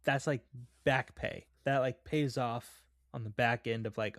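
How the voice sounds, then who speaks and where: A man's voice: medium pitch, steady tone, unhurried, vocal fry, fairly bright tone, no echo, studio quality. Chatty man co-hosting a podcast. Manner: chatty, with laughs and restarts. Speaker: podcast co-host. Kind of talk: casual film chat.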